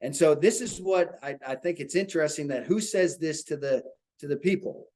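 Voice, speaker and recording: Over poor audio, a man with a warm, fairly high voice leads an informal Bible study for a small group at a moderate pace. He talks earnestly and checks in with rhetorical questions.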